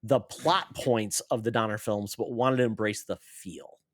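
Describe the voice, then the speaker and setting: A man's voice: fairly low pitch, measured pace, no echo, studio quality. A man co-hosting a casual pop-culture podcast, walking through story points in an explanatory way. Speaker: podcast co-host. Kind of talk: casual chat.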